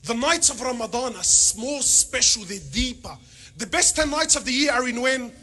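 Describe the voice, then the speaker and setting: A man giving a humorous religious talk to an audience, animated and full of rhetorical questions, with Arabic phrases mixed in. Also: extremely high pitch, moderate pace. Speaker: panel speaker.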